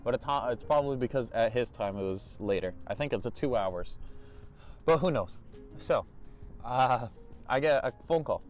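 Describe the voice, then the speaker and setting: Casting note: young male vlogger, mid-pitched, lively storyteller, faint music underneath. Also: normal speed. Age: young adult. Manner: animated, restarts and repeats, laughs often. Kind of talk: storytime vlog.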